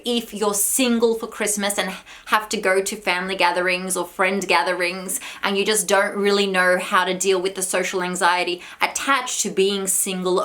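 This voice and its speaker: A woman's voice: mid-range voice, fairly bright tone. A woman vlogging advice straight to her viewers, affectionate and encouraging, a little out of breath. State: slightly out of breath. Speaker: vlogger and spiritual coach. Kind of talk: direct-to-camera advice vlog.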